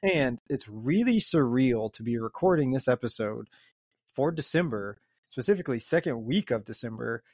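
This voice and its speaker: A man with a medium-pitched voice hosts a laid-back podcast conversation. He rambles a little, laughs easily and keeps things relaxed. The sound is dry and close to the mic. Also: normal speed, no room sound. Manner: rambling, easygoing, laughs often. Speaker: podcast host. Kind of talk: casual chat.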